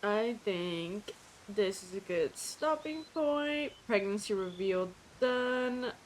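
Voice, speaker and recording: A woman's voice: medium pitch, expressive, slow, a little hiss or hum, rough recording. A woman hosting a casual let's-play video, emotional and near tears, with flustered, giggly talk that stumbles over repeated words. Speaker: gaming channel host. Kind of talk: casual gameplay commentary.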